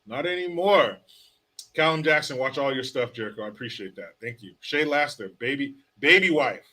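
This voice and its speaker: Bright-voiced man joking through viewer comments. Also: mid-range voice, animated, moderate pace. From California. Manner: joking, sarcastic, reads chat names aloud. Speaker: live-stream host reading viewer comments. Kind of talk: casual live-stream chat.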